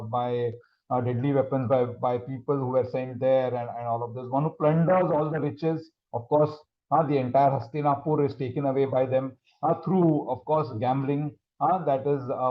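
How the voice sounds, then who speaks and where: A man teaching a scripture class, explaining verses in a halting, conversational way with many fillers. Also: on the high side, highs cut off.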